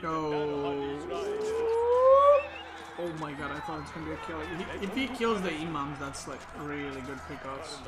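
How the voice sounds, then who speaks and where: A man giving casual commentary on a recorded match, thinking out loud with lots of "like" and "right?" fillers. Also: a little high, a little slow, loud music behind the voice. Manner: thinks aloud, filler-heavy, says "like" and "right?" a lot. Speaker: game analysis host.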